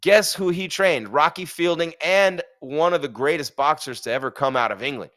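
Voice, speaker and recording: A man's voice: on the high side, moderate pace, fairly bright tone. A man hosting a live fight stream, chatting casually with jokes and rhetorical questions. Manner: reads sponsor ad.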